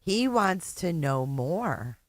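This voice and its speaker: A woman's voice: on the low side, big pitch swings, slow pace, dry recording. A woman hosting a livestream, reacting to clips with sarcasm and frequent laughter. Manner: amused, sarcastic, laughs often. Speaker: host.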